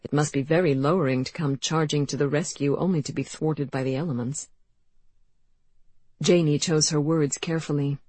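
Low, husky woman narrating. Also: steady tone, moderate pace, dark tone, no echo. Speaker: audiobook narrator. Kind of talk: scripted narration.

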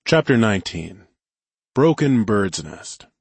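A man narrating a first-person audiobook in a calm, measured way. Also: fairly low pitch, slightly rough, no echo.

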